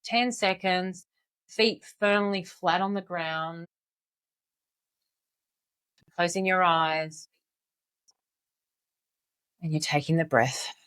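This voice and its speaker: A woman in her forties, a confidence coach, calmly and encouragingly guiding listeners step by step through an exercise. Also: fairly low pitch, drawn-out words, long pauses. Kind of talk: guided exercise instruction.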